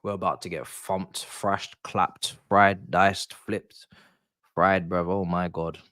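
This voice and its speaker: A man's voice: deep voice, level tone, slow, fairly bright tone, dry recording. A young man reacting live to a football match, exasperated and swearing. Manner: exasperated, swearing, muttering to himself. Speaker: football watch-along host.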